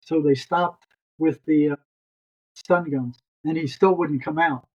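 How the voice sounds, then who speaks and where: Older male guest storyteller, husky voice, rambling restarts, muffled lo-fi audio. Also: fairly high pitch, steady tone, a little slow. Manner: rambling, repeats words as he restarts. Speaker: guest, retired psychotherapist. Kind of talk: long storytelling anecdote.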